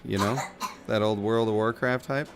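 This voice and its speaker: A man's voice: lowish voice, fairly even intonation, moderate pace, background noise. A man live-streaming a game, chatting and joking casually and slipping into silly voices. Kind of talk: casual gameplay commentary. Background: game music.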